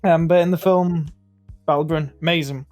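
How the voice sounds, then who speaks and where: A man's voice: on the high side, fairly even intonation, fairly quick, a little mellow, soft background music. A man co-hosting a casual podcast, retelling film scenes with frequent laughter. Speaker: podcast co-host.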